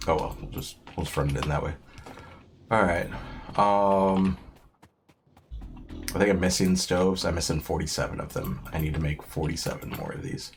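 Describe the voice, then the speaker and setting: A man's voice: sits low, steady tone, moderate pace, pauses often, a little hiss or hum. A man streaming a game, rambling in a casual, self-deprecating way with lots of fillers. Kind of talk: casual gameplay commentary.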